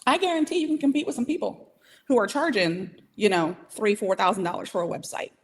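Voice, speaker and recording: Woman, mid-pitched, coaching delivery, direct and emphatic, live training talk. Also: very animated. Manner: emphatic, coaching, keeps asking "okay?" and "right?"; direct and motivational, speeds up and slows down. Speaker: AI trainer for small business owners.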